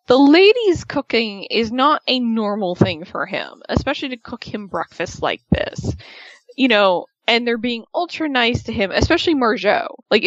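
A woman's voice: medium pitch, fairly bright tone, no echo. Woman co-host, casual and chatty, retells scenes in quoted voices. Dry, slightly dull audio. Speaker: podcast co-host. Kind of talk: casual recap chat.

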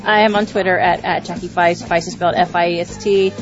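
A woman's voice: on the low side, fairly even intonation, a little fast. Woman, co-host, casual chat, dull lo-fi sound, music underneath.

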